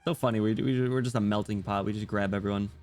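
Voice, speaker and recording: A young British man chatting casually on a live stream, rambling and playful, often clearing his throat. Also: lowish voice, fairly even intonation, quick pace, darkish tone, soft background music. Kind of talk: casual live-stream chat while reading game dialogue.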